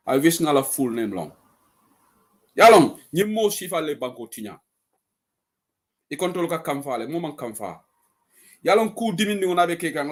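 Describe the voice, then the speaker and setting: A man from Gambia hosting an online political talk show, speaking bluntly and forcefully while taking callers. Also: a little high. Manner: blunt, forceful, switches between local language and English.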